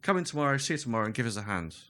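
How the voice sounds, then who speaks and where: A man's voice: mid-range voice, sing-song, racing, pushed and bright. A man in his thirties, telling anecdotes on a casual podcast, acting out the people he quotes and laughing often. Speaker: guest.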